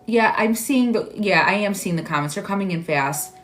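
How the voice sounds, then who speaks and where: A woman hosting a live stream as a psychic medium, giving readings in a halting, searching way full of "like"s and growing emotional. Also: medium pitch, expressive, a bit bright, faint music behind. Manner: halting, searching delivery with many "like"s; emotional, tearful at moments.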